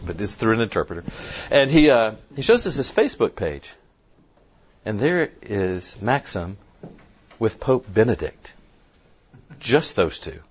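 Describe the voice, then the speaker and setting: Low-voiced man telling an animated story. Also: normal speed, breathy edge. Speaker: conference speaker. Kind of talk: storytelling talk. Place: conference room. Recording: dull lo-fi sound, faint noise.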